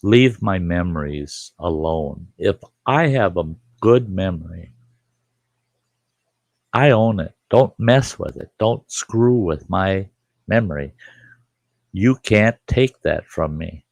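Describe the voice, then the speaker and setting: A man's voice: low voice, lively intonation, slow, gravelly, a little mellow, no echo. A man in his sixties hosting a live stream, talking in a rambling, emphatic, indignant way from his home studio. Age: 60s. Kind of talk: casual monologue.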